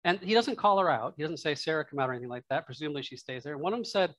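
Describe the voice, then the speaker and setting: A man preaching a sermon in a conversational, thinking-out-loud way. His voice sits a little high for a man. The sound is close and dry, with hardly any room in it. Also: expressive, racing, few pauses, no room sound. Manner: conversational, musing aloud with asides and laughs. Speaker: pastor. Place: church.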